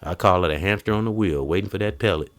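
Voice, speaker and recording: A man hosting a casual podcast, telling stories in an animated way and acting out quotes. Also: low voice, fast talker, faint music behind. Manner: animated storytelling, acts out quotes. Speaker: podcast host.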